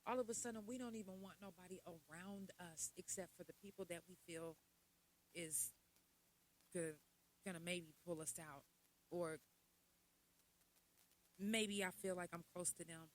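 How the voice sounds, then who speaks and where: A woman hosting a podcast, talking candidly and casually about mental health, sometimes loud and laughing, sometimes low and quiet. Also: normal speed, pauses often, poor audio. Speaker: podcast host.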